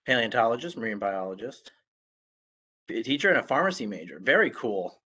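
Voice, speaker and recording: A man's voice: mid-range voice, fairly quick, breathy edge. A young man with a congested, just-recovering voice gives a casual online talk as a guest speaker, with lots of fillers and restarts. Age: young adult. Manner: relaxed, many fillers and restarts.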